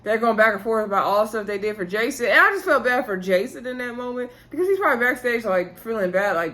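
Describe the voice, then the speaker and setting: A woman's voice: medium pitch, expressive, a little fast, a bit bright. A woman vlogger casually recapping a reality show episode, chatty and full of filler words, acting out what people said.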